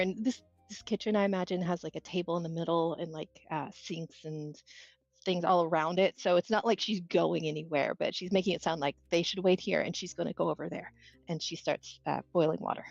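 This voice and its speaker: A woman's voice: fairly low pitch, fairly even intonation, fairly quick, creaky, a little mellow, dry recording, soft background music. Chatty woman player, muffled sound. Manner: chatty, hesitant, many fillers. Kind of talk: describing her character's actions.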